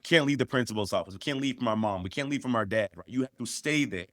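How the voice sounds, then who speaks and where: A man's voice: mid-range voice, quick pace, fairly bright tone, no echo, studio quality. A man co-hosting a podcast, giving emphatic, repetitive advice that rises sharply when he stresses a point. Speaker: podcast co-host.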